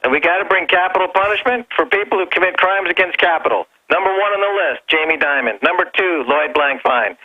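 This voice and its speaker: A man's voice: high voice, fast talker, few pauses. A man calling in as a guest on a talk radio show, brash and provocative, on a phone line. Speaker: guest commentator. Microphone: telephone.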